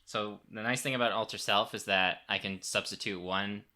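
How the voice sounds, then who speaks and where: A man's voice: on the low side, steady tone, normal speed, pushed and bright. A man playing a tabletop game, eager and inquisitive as he reads rules and asks questions. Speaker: player.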